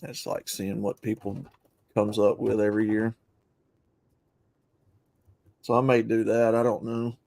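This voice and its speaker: Slow, gravelly young man chatting. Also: lowish voice, flat delivery, darkish tone, dry recording. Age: young adult. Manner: laid-back, noncommittal, chuckling. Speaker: guest. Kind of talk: casual chat.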